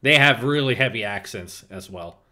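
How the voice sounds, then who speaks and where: A Finnish man, a native speaker, streams games and casually reads his viewers' chat aloud, answering it with frequent laughs and playful exclamations. His mid-range voice is animated, bright and forceful at a moderate pace.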